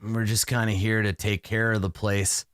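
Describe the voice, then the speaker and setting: A man's voice: fairly low pitch, flat delivery, moderate pace, fairly bright tone, smooth, dry recording, clean studio sound, voice pushed down, natural voice. A man voicing a laid-back male shopkeeper who drawls and talks like a slacker. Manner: drawling, unbothered slacker talk. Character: laid-back male shopkeeper, low and mellow, calls people dude and bro.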